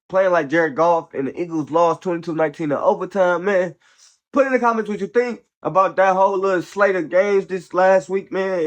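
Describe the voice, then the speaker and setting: This man runs a football commentary channel and hosts a casual show where he's blunt, opinionated, slangy and profane, constantly saying "bro" and "man." His voice sits fairly high, the recording is lo-fi, and he sounds a little sick.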